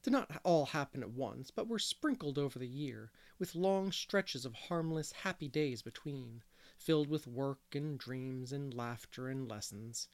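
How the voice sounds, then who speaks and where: A man's voice: mid-range voice, expressive, unhurried. A man narrating a classic novel aloud as an audiobook reader, with candid, self-deprecating asides.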